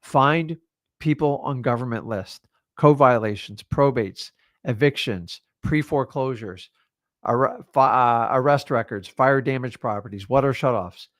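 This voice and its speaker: A man's voice: mid-range voice, a little slow, fairly bright tone, no room sound, clean studio sound. A middle-aged man, a real estate coach, giving a blunt motivational masterclass and swearing casually as he talks.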